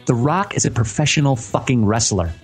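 A man's voice: mid-range voice, animated, brisk, husky, faint music behind. A man hosting a casual podcast, reading a review aloud and ranting about it with plenty of swearing. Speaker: podcast host. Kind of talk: casual chat.

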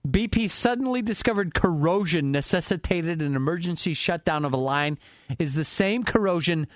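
Wisecracking guy, kinda high voice, lively, dry close sound. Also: normal speed, no room sound. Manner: wisecracking, teasing. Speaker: co-host. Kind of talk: casual banter.

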